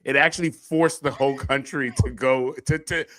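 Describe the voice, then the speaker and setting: A man's voice: medium pitch, fairly even intonation, normal speed, fairly bright tone. A man co-hosting a comedic news chat, agreeing along and adding short asides. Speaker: co-host.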